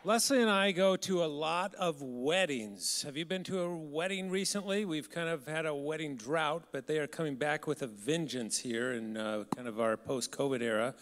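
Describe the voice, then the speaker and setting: A man's voice: fairly high pitch, moderate pace, few pauses, a bit bright. A man giving a storytelling talk as guest speaker, conversational and asking the audience questions. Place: large hall. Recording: hall reverb.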